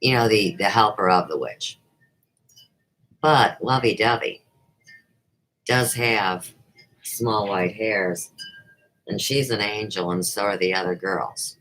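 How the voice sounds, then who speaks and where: A woman's voice: extremely low pitch, a bit bright, rough recording. A middle-aged woman hosting her own livestream show, talking off the cuff in an unrehearsed, rambling way that jumps from topic to topic. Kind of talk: unrehearsed casual livestream chat.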